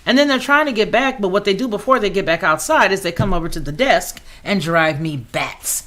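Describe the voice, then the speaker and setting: A woman's voice: mid-range voice, animated, fairly quick, fairly bright tone. Woman, livestream host, casual chat, reads comments aloud, outspoken, mid-range voice. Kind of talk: casual live-chat talk.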